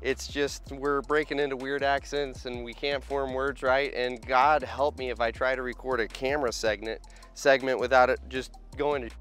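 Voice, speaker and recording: A man's voice: medium pitch, steady tone, moderate pace, fairly bright tone, faint music behind. Tired, chatty construction vlogger man. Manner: chatty, joking, self-deprecating. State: tired after a long hot week. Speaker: heavy equipment operator and vlogger. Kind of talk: casual vlog to camera. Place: outdoor construction site. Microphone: handheld camera.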